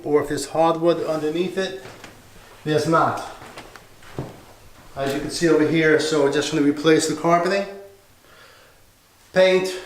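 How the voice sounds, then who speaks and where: A man's voice: on the high side, slight background noise. A man who invests in real estate, giving a casual, plain-spoken walkthrough of a house he is renovating, thinking aloud as he goes. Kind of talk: walkthrough property tour. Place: empty house under renovation, indoors. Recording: echoey bare rooms.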